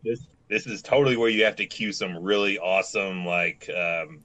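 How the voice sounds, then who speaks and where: Very deep, bright-toned podcast man. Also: moderate pace. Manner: spins long animated scenarios, swears. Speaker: podcast co-host. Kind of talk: casual chat.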